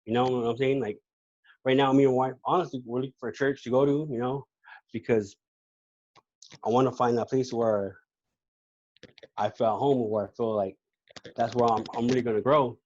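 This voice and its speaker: A man shares his own story as a podcast guest in a relaxed, slangy way. He stumbles and repeats words as he goes. His voice sits at a middling pitch, and the recording is dull and lo-fi. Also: moderate pace, pauses often, no echo. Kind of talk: casual personal testimony.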